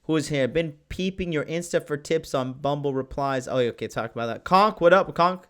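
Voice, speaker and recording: A man hosting a live podcast, talking in a brash, profane and excitable way as he reads chat comments. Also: on the high side, moderate pace, smooth. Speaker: podcast host. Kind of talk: casual live-stream talk.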